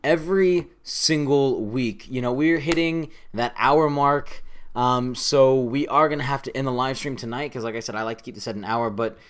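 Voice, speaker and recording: A man with an American accent hosting a live-streamed podcast in casual chat, playful and quick to try out joke voices. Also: mid-range voice, slight background noise. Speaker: podcast host.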